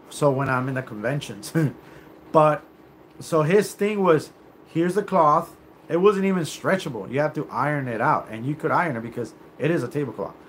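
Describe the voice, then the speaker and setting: A man's voice: fairly high pitch, a little hiss or hum. A man hosting a livestream, ranting in a profane, confrontational and rambling way. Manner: rambling, with many fillers and restarts. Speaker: livestream host. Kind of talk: live rant on a stream.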